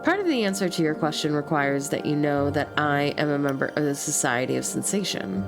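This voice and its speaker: A poised, courteous succubus hostess, voiced by a woman reading game dialogue aloud, speaks in measured formal sentences with a low, gravelly edge and a slight lisp. Music plays clearly behind her on the stream. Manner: calm, polite, measured formal speech. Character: composed, courteous female succubus brothel keeper.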